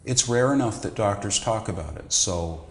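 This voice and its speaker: A middle-aged man, a psychiatrist, giving measured, lecturing answers in an interview. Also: fairly low pitch, expressive, roomy sound. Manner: measured, lecturing, with occasional restarts. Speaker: psychiatrist guest.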